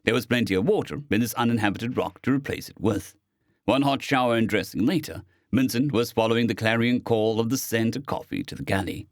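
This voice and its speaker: A man narrating a science fiction story as an audiobook reader, expressive in delivery. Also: medium pitch, a little fast, no room sound, studio quality. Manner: expressive, with lively intonation.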